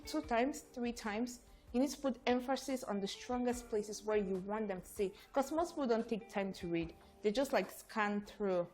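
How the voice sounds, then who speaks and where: A woman's voice: medium pitch, darkish tone. Woman giving a chatty workshop talk. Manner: conversational, repeats words and restarts. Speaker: trainer.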